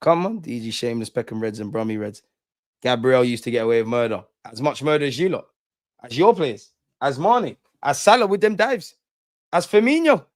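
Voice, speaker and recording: A man's voice: mid-range voice, expressive, a little fast, no room sound, studio quality. A young man hosting a live fan stream, ranting heatedly and repeating lines for emphasis. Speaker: fan channel host.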